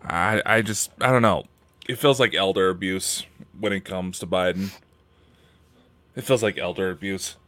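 Low-voiced laid-back man. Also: fairly even intonation, moderate pace, fairly bright tone. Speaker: co-host. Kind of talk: casual podcast chat.

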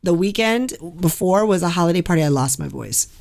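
A man's voice: high voice, a little fast, gravelly. A man, a guest singer, telling stories in a casual podcast interview and acting out the voices of people he quotes. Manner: lively storyteller who acts out quoted voices.

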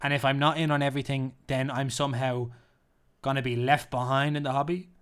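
A man's voice: mid-range voice, flat delivery, brisk, fairly bright tone, clear, resonant tone. Male co-host, casual, jokey and rambling, playful list-reading. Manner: jokey, rambling, reads lists with playful emphasis. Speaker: podcast co-host. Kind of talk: casual chat.

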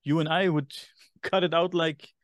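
A man with a German accent, co-hosting a podcast in casual chat and sometimes pausing to search for English words. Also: a little high, fairly even intonation, no echo, studio quality. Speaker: podcast co-host.

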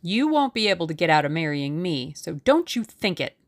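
A woman voicing a brash, eager young Englishman in an audiobook, speaking in forceful, bossy bursts. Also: on the low side, sing-song, normal speed. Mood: teasing. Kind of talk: audiobook character reading.

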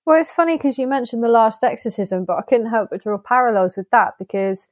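A woman co-hosting a podcast in casual, animated chat, keen to act out what others said. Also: fairly high pitch, a little fast, no echo. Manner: animated, chatty, acts out quoted lines. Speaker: film review podcast co-host.

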